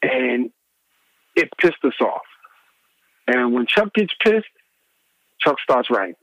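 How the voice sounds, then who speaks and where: A middle-aged man, a former radio DJ, telling animated stories in an interview and acting out the people he quotes. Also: slow, no room sound, highs cut off. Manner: acts out quoted people with big pitch swings.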